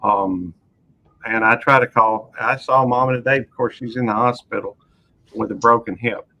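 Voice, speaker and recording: A man in his sixties chatting on a live stream in a measured, hesitant way. His voice is bright and forceful, at an ordinary pitch. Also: steady tone, highs cut off. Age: 60s. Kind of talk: casual group chat.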